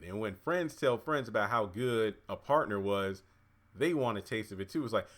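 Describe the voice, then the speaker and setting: A man casually recapping a TV episode, chatty and excitable, cheering and exclaiming at the scenes. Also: lowish voice, moderate pace. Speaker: TV episode reviewer.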